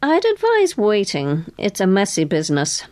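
A woman doing a breezy, high-voiced young woman. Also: wildly swooping pitch, moderate pace, a little mellow. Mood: offhand.

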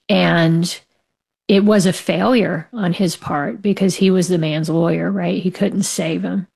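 A woman's voice: mid-range voice, creaky, a little mellow. A woman, a novelist, talking frankly and with strong opinions as a guest in an interview, laughing now and then as she speaks. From United States. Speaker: author as guest. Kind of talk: casual interview talk.

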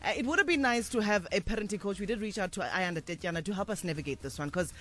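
High-voiced radio host man. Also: racing, pushed and bright. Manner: teasing, argumentative. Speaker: radio breakfast show host. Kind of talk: casual radio chat.

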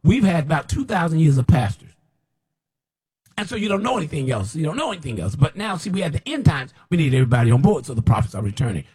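A man's voice: fairly high pitch, sing-song, fast talker, a little mellow, breathy edge. A man preaching an unscripted, scolding sermon as a self-described prophet, repeating himself as he presses his point.

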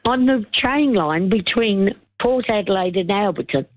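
An Australian woman phoning in to a radio show, her voice thin and tinny down the line. She talks slowly and haltingly, full of fillers and apologies, with hiccups breaking in. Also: mid-range voice, no room sound. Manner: excited, hesitant, many fillers and apologies. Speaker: radio caller. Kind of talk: phone-in chat.

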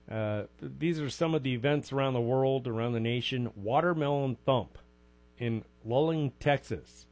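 A man's voice: mid-range voice, a little mellow. A man hosting a local call-in radio show, chatting casually and reading out event listings with wry asides.

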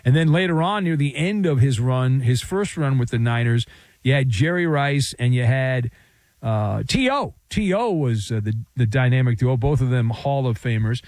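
A man's voice: mid-range voice, lively intonation, moderate pace, a little mellow, dry recording. A man hosting a sports talk show, riffing sarcastically and joking between points. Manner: wisecracking, sarcastic, playful riffs. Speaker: sports radio host.

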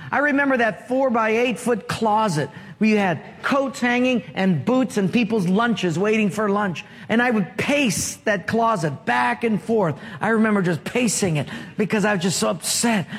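High-voiced preacher with booming hall echo. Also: male voice, a bit bright. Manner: rhetorical questions with congregation call-and-response. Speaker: pastor. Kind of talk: sermon. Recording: long reverb of a large hall.

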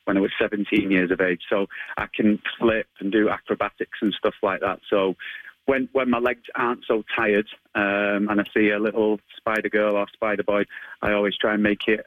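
A man's voice: on the low side, little pitch movement, normal speed, dry recording, narrow, tinny audio. Chatty Manchester-accented man in his thirties. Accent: Manchester area English. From England. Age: 30s. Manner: chatty, hesitant with many ums, laughs often. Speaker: guest, martial arts instructor. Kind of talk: radio interview answers.

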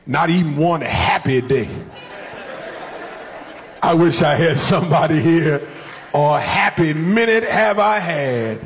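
A man preaching a sermon in a rhythmic, call-and-response style, building from quiet talk to shouted climaxes. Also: a little high.

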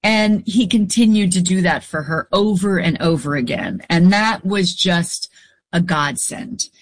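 A woman's voice: on the low side, a little slow, dry recording. Reflective woman telling a story, dry sound. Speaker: guest. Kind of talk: interview storytelling.

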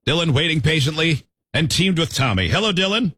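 A man's voice: on the high side, expressive, fairly quick, sharp tone, slightly rough, no echo. A man co-hosting a radio show, wry and teasing in casual banter.

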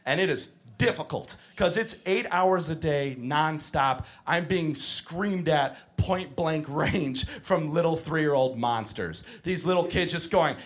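A young man doing a profane stand-up comedy set on a club stage, leaping into shrill kid voices. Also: a little slow, hardly any pauses. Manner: profane, animated, shouts bratty kid voices.

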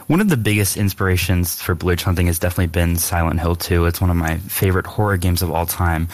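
Very deep-voiced indie developer man. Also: fast talker, a little mellow, dry recording. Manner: earnest, explanatory. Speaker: indie game developer guest. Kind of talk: radio interview answers.

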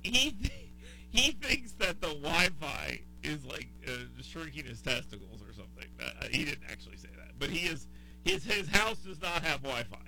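Bright-voiced ranting radio host, a man. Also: fairly high pitch, sing-song, moderate pace, rough recording. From American South. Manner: exasperated ranting with repetition. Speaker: radio talk show host. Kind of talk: casual talk radio chat.

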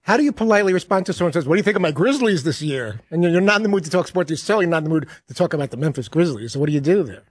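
A man with a slightly high voice fires off long, wordy questions at a very fast clip. The studio sound is dry and close. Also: lively intonation, husky, dry recording.

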